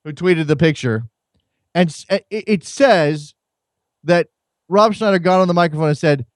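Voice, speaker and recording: Male call-in host, wry and rambling, slightly high voice, dry studio sound. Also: normal speed, dry recording. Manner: wry and rambling, often repeats words. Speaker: host of a soccer call-in show. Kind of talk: casual chat.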